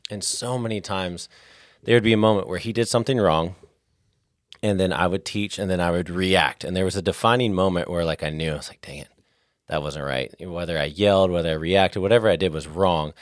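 A man in his thirties, a podcast guest, telling personal stories in an earnest, animated way. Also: low voice, a little fast, no echo, studio quality. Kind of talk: casual storytelling.

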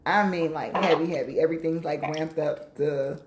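A woman with a low, deep voice talks casually and candidly, swearing freely and laughing often. Her voice carries the echo of a reverberant room. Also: fairly even intonation, moderate pace, noisy background. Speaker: podcast co-host. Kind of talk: casual chat.

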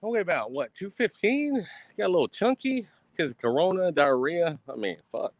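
A man's voice: high voice, sing-song, normal speed, no room sound. A young man, ranting on a livestream in a boastful, profane, swaggering way. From Texas. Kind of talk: casual rambling livestream rant. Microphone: streaming mic.

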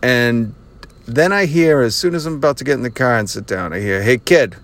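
A man's voice: mid-range voice, expressive, fairly quick, fairly bright tone. A man hosting his own podcast, telling a casual story with a lot of sarcasm and frequent laughter, recorded while driving. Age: adult with children. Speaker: podcast host. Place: driving in a car.

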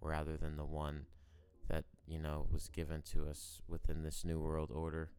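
A man's voice: very deep voice, completely flat delivery, moderate pace, a little mellow, clean tone. A man in his twenties hosting his own podcast, talking off the top of his head in a rambling, profane, musing way while smoking. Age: 20s. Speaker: podcast host. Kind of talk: unscripted solo podcast monologue.

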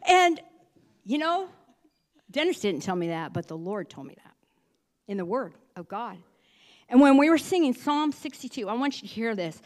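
A middle-aged woman telling a lively travel story as a testimony in church, slowing down to read scripture aloud. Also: on the high side. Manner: animated storytelling, reads scripture slowly. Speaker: church speaker sharing a testimony.

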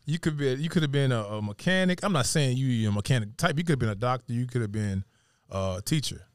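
Male host, relaxed hesitant questions, dry close sound. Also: mid-range voice, fast talker, clean tone, no room sound. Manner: loose, hesitant questioning with fillers. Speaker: show host. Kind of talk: casual interview.

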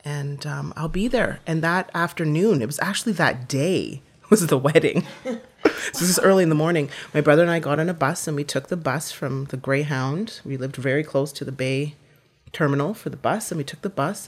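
A woman guest telling a personal story in a heartfelt, vivid way, often restarting her phrases. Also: low voice.

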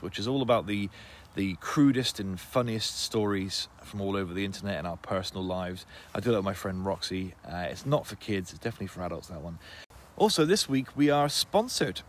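A young adult man hosting a podcast, chatting casually in an animated, jokey way and swearing now and then, then reading a sign-off. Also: lowish voice. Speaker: podcast host.

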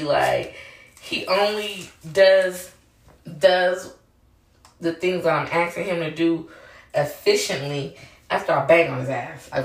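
A woman's voice: fairly low pitch, vocal fry, a bit bright, distant mic. A woman in her thirties hosting a podcast from home in a casual, candid chat, full of slang and swearing, and laughing often. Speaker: podcast host. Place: room at home. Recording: roomy echo, voice off mic.

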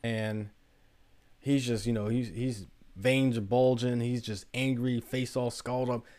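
A man's voice: mid-range voice, flat delivery, a little slow, a little mellow. A man hosting a podcast, telling a story in a casual monologue full of rhetorical questions. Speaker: podcast host.

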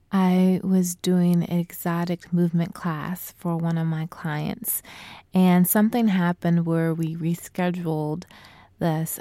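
Soft-spoken woman with a dark, dry voice. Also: fairly low pitch, no echo. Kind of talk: casual talk to women.

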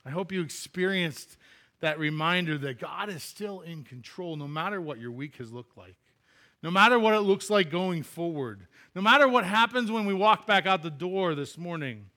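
A man preaching in church, telling a personal story in a loose, chatty way and laughing at himself. His voice is bright and forward, sitting a little above the usual male pitch. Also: lively intonation, normal speed. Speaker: pastor.

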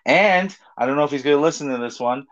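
A man's voice: on the high side, fast talker, a bit bright. A man co-hosting a podcast in casual chat, rambling and laughing often. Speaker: podcast co-host. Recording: dull lo-fi sound.

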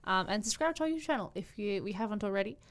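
A woman's voice: mid-range voice, expressive, very fast. A woman hosting a casual podcast chat, giggly and chatty, with frequent ums. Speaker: podcast host.

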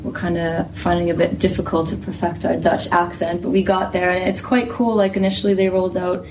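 A woman on a casual podcast panel, chatty and hedging as she talks. Her voice is fairly low and flat. She sounds far from the mic, with noticeable noise behind her. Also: a little fast. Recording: distant mic with background noise.

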